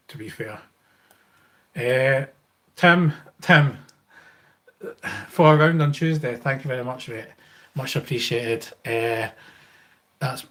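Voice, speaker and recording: A middle-aged Scottish man hosting a live Q&A stream, talking in a rambling way with many fillers and restarts as he thanks viewers. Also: mid-range voice. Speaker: YouTube channel host.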